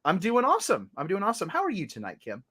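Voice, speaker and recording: A man's voice: sits high, wildly swooping pitch, quick pace, bright, forceful tone, breathy edge. A man chatting as a guest on a casual livestream, playful and jokey. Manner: playful, jokey, does mock accents.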